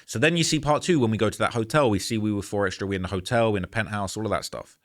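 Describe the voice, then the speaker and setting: In a fairly low voice and at a rapid-fire pace, a YouTuber rambles through a story to camera. It's a casual, candid monologue, frustrated and earnest, with frequent "man" and "bro."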